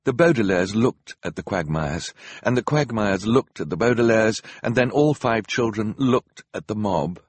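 A man's voice: on the low side, lively intonation, normal speed, husky, no echo. A man narrating a children's novel as an audiobook, reading expressively and dramatically. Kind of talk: storybook narration.

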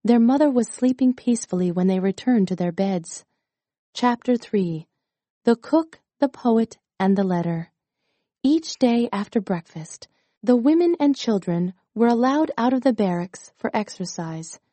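A woman narrating a children's chapter book aloud in a calm, clear reading voice. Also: on the high side, a little slow, dry recording. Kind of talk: storybook read-aloud.

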